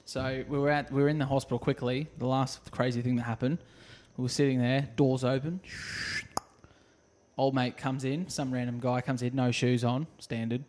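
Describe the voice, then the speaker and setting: A man telling stories on a casual podcast, at an ordinary middle pitch. He jokes his way through anecdotes and puts on the voices of the people in them. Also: level tone, moderate pace, darkish tone, a little hiss or hum. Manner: jokey, acts out quotes with sound effects. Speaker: podcast co-host. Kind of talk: casual storytelling chat.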